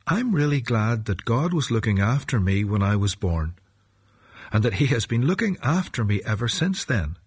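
A man's voice: medium pitch, husky, dry recording, studio quality. A man giving a friendly children's devotional talk and leading a prayer. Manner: friendly direct address, leads a prayer.

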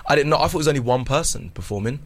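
A man's voice: medium pitch, animated, racing, no echo. A man from England co-hosting a casual football podcast in a studio, joking and laughing often. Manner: jokey, laughs often, teasing. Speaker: podcast co-host. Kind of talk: casual banter.

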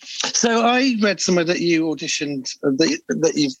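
A man's voice: on the high side, animated, normal speed, no echo, poor audio. A man who works as a comedian, co-hosting an interview in an easygoing, chatty way. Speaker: comedian and podcast co-host. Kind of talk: casual interview chat.

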